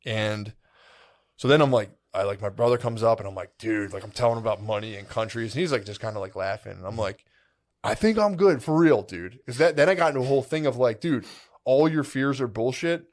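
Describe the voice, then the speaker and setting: His voice is lowish, his intonation fairly even and his pace quick. As a podcast co-host in casual conversation, this man tells a sprawling story crammed with "like" and "dude," acting out his own former thoughts.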